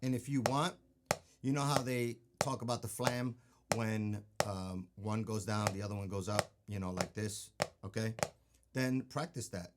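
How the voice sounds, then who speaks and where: A man with a fairly low voice teaches a drum lesson, explaining each motion patiently and counting beats aloud. Loud drumming and stick clicks ring out behind his speech. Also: unhurried, heavy background noise. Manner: patient, repeats "okay?" to check understanding. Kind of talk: instructional demonstration.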